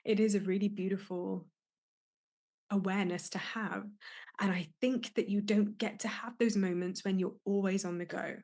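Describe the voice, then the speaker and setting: A woman's voice: medium pitch, steady tone, moderate pace, a little mellow. Candid, reflective woman podcasting alone. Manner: candid, emotional, searching, with many restarts. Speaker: podcast host and life coach. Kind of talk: reflective solo podcast monologue.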